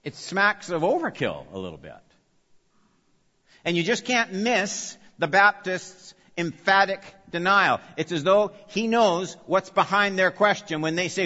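A man's voice: high-pitched, expressive, measured pace, sharp tone. A man preaching an expository sermon, emphatic, repeating key phrases and putting questions to his listeners. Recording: long reverb, dull lo-fi sound.

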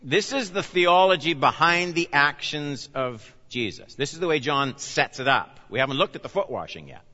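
A man pastor preaching a sermon, with animated emphasis that rises and falls as he explains scripture. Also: on the high side, moderate pace. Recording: reverberant hall, dull lo-fi sound.

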